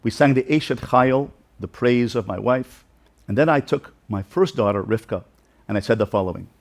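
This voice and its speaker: A man's voice: medium pitch, normal speed, gravelly. A man speaking as a rabbi in an inspirational talk, earnest and heartfelt, building emphatic repeated lists.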